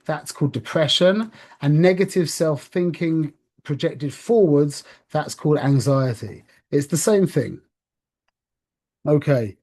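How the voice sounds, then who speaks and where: Guy giving a loose spiritual talk, kinda higher voice, keeps going "yeah?" and restarting himself. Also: unhurried, darkish tone. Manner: conversational, frequent "yeah?" check-ins, restarts. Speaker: religious speaker.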